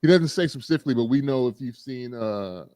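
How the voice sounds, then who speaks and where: A man hosting a relaxed podcast chat, telling the story of an episode with lively energy and frequent laughter. His voice has a warm, mellow tone. The recording is dry and close. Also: mid-range voice, fairly quick, no echo. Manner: animated storytelling, laughs often. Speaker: podcast host recapping an episode. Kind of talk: casual chat.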